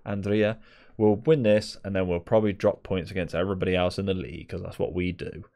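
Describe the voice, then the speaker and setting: A man's voice: low-pitched, steady tone, a little fast, mellow. A young man gives chatty, exasperated live commentary on a game, talking to the players on screen. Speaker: gaming video creator.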